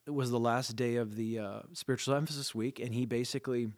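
A man telling the story of his conversion to a podcast host in an earnest, animated way, with plenty of fillers. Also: mid-range voice, fast, dry recording. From Southern California. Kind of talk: casual conversational testimony.

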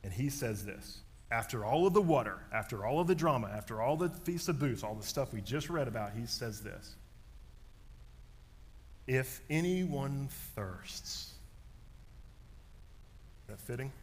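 A man, preaching a sermon and telling a story in an animated way, dropping to a hush and then rising loud. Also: mid-range voice, a little fast, few pauses. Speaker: pastor.

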